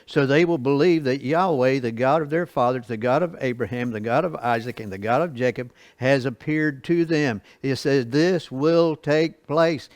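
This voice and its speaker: A man teaches a Bible study, reading scripture slowly and explaining it folksily with asides and chuckles. His voice is medium-pitched, with no room sound.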